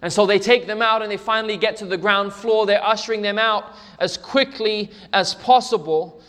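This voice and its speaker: A man's voice: sits high, normal speed, fairly bright tone, in a large hall. A man preaching a sermon, telling a story with emphatic repetition. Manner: emphatic storytelling, repeats for stress.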